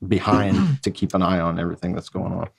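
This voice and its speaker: Sex: man. Role: player. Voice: very deep, gravelly, husky, laid-back. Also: flat delivery, brisk. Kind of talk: casual chat in a tabletop game.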